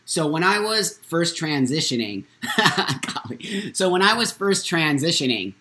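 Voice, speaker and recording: A man hosting a live morning talk show, telling a personal story in a candid, blunt and animated way. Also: fairly high pitch, a little slow. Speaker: host.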